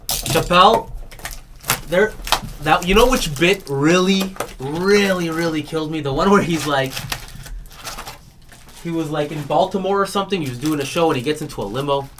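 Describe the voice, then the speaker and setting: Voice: medium pitch, normal speed, long pauses, a bit bright. Chatty card break host, noisy stream. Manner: chatty, laughs often, retells comedy bits. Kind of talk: casual live-stream chat.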